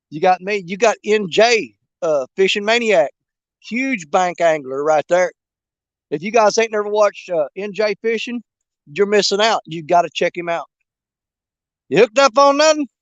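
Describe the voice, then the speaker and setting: Man, high-pitched, casual joking livestream host by the riverbank, dry close sound. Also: dry recording, highs cut off. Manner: folksy, joking, rambling with fillers. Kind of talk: casual live chat while bank fishing. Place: outdoors on a riverbank at dusk.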